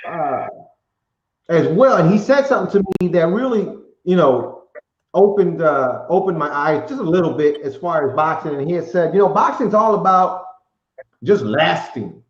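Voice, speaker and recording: A man's voice: a little high, expressive, moderate pace. A man hosting a podcast, talking in a reflective, rambling way with many restarts, in casual chat. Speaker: podcast host. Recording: echoey, muffled live-stream audio.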